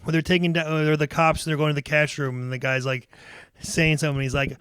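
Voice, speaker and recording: Laid-back podcast guy with a slightly high voice. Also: flat delivery, brisk, a bit bright, clean tone, no room sound, clean studio sound. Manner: laid-back, quotes favorite lines. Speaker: podcast co-host. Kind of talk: casual movie review chat.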